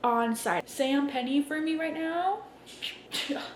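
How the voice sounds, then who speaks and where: A woman's voice: high-pitched, takes it slowly, a little hiss or hum. A young woman in a casual reading vlog, emotional and dramatic, swearing freely as she reacts to a book. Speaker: book vlogger.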